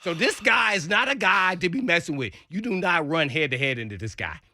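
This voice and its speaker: Animated male radio storyteller. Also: fairly quick, dry recording, clean studio sound. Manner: lively storyteller acting out quotes with big pitch jumps. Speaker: former NFL player telling a locker-room story. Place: radio studio.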